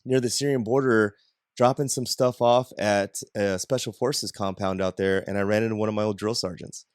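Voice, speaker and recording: A man's voice: fairly low pitch, fairly even intonation, normal speed, clean tone, no room sound, studio quality. A man hosting a podcast, talking casually and relaxedly with many fillers. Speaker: podcast host. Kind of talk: casual conversation.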